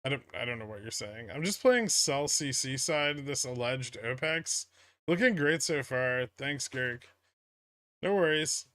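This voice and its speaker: Talking a little slowly in a mid-range voice, a man hosts a relaxed stock-market livestream without echo. He voices the viewer chat and answers it in a loose, meandering style.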